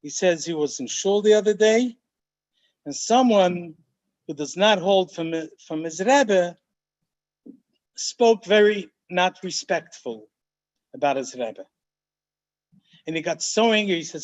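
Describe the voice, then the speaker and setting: Teaching Torah study in a high-pitched voice, this rabbi is emphatic and animated. He frequently slows to underline important phrases and uses plenty of Hebrew and Yiddish words.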